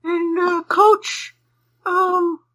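A tiny, piping little male mascot who stammers and trips over his words. The voice sits very high and squeaky. He sounds sentimental and a bit tearful, like a cartoonish sidekick. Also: flat delivery, drawn-out words, bright, forceful tone, full character voice, rough recording. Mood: sentimental farewell. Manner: stammering, repeats words, tearful farewell speech. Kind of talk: comedic character bit on a podcast.

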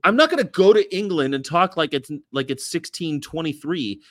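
A man's voice: on the high side, expressive, normal speed, fairly bright tone, no room sound. An American man co-hosting a casual podcast, joking and sarcastic. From United States. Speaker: co-host.

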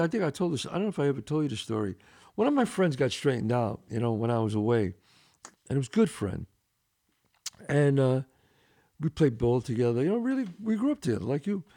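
Ożywiony mężczyzna z akcentem z Brooklynu, chrapliwy głos. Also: male voice, a little high. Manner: animated, swearing, acts out dialogue. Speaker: podcast host. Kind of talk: storytelling in casual interview.

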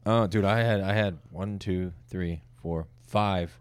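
A man's voice: low voice, fairly even intonation, a little slow, clear, resonant tone. A young man co-hosting a podcast in casual chat, laid-back and stumbling over words when he reads aloud. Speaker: podcast co-host.

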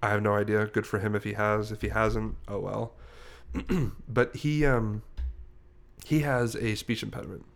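A man's voice: lowish voice, fairly even intonation, normal speed, vocal fry. A young man co-hosting a podcast, telling a story in a rambling, self-correcting way. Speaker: podcast host. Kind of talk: casual podcast chat.

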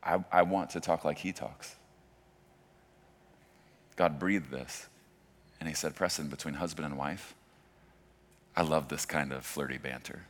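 A man in his forties, a pastor preaching a sermon in a conversational way that swings from hushed to loud. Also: very deep voice, unhurried, pauses often.

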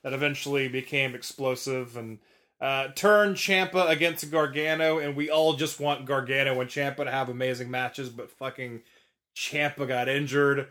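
Bright-voiced teasing podcast co-host man. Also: mid-range voice, steady tone. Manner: teasing, quick-witted. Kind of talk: casual podcast banter.

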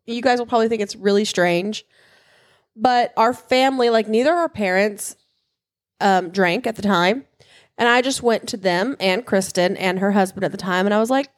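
A young woman co-hosting a podcast in casual chat, her voice in a middle pitch. She talks directly and rambles with restarts, recorded dry and close. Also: normal speed, dry recording. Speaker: podcast co-host.

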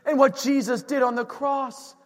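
Man, pastor, sermon, very high pitch, animated delivery, long hall reverb. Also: normal speed. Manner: animated, swings from shouting to hushed.

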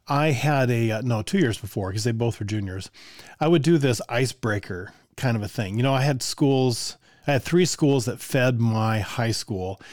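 An older man, a music teacher, telling stories from his classroom in a relaxed, conversational way with frequent chuckles and asides to the listener. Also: mid-range voice, no echo, clean studio sound. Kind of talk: casual storytelling.

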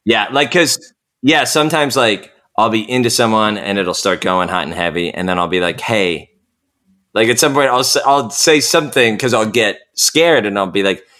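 A man's voice: fairly low pitch, normal speed, sharp tone. A man co-hosting a podcast in casual chat, teasing and cutting in with jokes. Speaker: podcast co-host.

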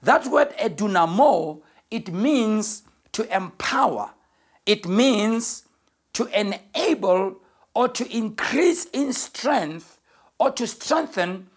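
A woman pastor preaching a sermon in an earnest, emphatic way, slowing down to stress key phrases. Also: a little high, animated.

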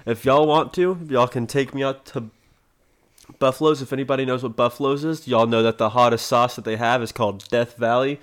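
A man's voice: mid-range voice, fairly even intonation, fairly quick, smooth. A man guesting on a casual podcast, talking boisterously, defending himself and issuing bold challenges. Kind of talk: casual chat.

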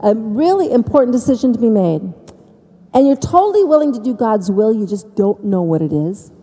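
A woman telling her personal faith story to an audience, with dramatic pauses and emphasis. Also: a little high, big pitch swings, mellow, long reverb tail. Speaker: speaker giving faith testimony. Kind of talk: personal testimony speech.

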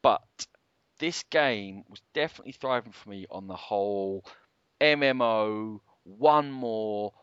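A man's voice: lowish voice, unhurried, fairly bright tone, smooth, no room sound. Rambling man co-hosting a podcast. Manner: talkative, rambling, emphatic. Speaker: co-host. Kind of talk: casual podcast chat about games. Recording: dull lo-fi podcast audio.

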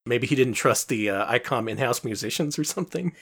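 A man's voice: medium pitch, expressive, fairly quick, fairly bright tone, slightly rough. A man co-hosting a casual podcast about retro games, explaining things in a wry, chatty way and laughing often. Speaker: podcast co-host.

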